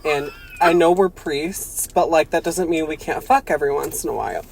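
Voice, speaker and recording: A woman voicing a crude, lusty male priest in a low, hushed put-on voice for a comedy podcast bit. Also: moderate pace, vocal fry, a little hiss or hum, rough recording.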